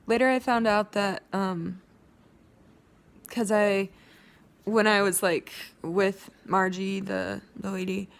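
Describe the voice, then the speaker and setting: A woman's voice: mid-range voice, fairly even intonation, takes it slowly, creaky, pauses often. A young woman vlogging an emotional rant to her viewers, rambling with many restarts and growing insistent.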